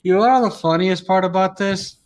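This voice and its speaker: A man's voice: high-pitched, brisk. A man co-hosting a podcast, telling an amused, rambling story in casual chat. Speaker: podcast co-host.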